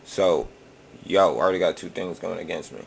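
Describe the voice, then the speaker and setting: A man's voice: low-pitched, brisk, creaky, slight background noise. A man hosting a reaction video, rambling casually and swearing often in a laid-back drawl.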